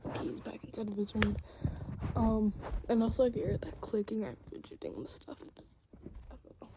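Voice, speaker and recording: A woman in a whispered role-play, speaking to the listener in a soft, mostly unvoiced whisper, rambling and hesitant with many fillers. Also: mid-range voice, level tone, brisk, highs cut off, background noise.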